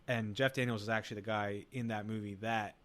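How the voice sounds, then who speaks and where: A man's voice: fairly low pitch, fairly even intonation, normal speed, fairly bright tone. Podcast co-host, man, casual chat, acts out movie lines while laughing along. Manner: retells scenes by acting out quotes, laughing often.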